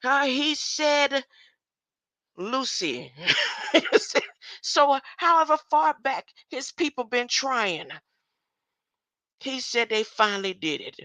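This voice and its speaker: A woman's voice: high voice, big pitch swings, takes it slowly, long pauses, pushed and bright, no echo. An older woman talking in a rambling monologue, often stopping to ask "huh?" and chuckling between thoughts. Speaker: online commentator.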